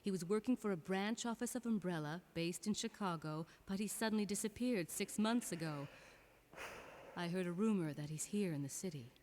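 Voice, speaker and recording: A woman's voice: lowish voice, normal speed, a little mellow, slight background noise, natural voice. An actress playing an earnest young woman in a horror video game. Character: determined young woman searching for her boyfriend.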